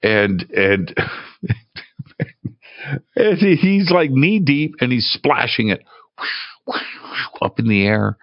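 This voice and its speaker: A man telling a personal story in a casual, halting way, often repeating words and restarting. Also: medium pitch, sing-song, no echo, highs cut off. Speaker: guest telling a travel story.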